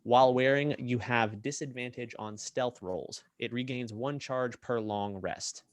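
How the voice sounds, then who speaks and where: A man's voice: medium pitch, a little slow, no room sound. Rambling male game master, dry close sound. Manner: rambling, many fillers and restarts. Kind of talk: narrating a tabletop game.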